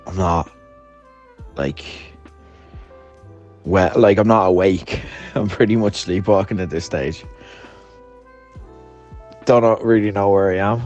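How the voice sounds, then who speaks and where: A man's voice: deep voice, slow pace, long pauses, a little mellow, lo-fi sound, faint music behind. A hungover man telling a friend a story in a voice note, laughing often and swearing as he rambles. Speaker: podcast host.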